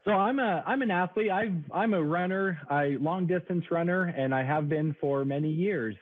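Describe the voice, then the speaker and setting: Man in his thirties on a tinny phone line. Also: normal speed. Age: 30s. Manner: explanatory, product-pitch delivery. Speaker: sales trainer. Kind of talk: radio interview guest.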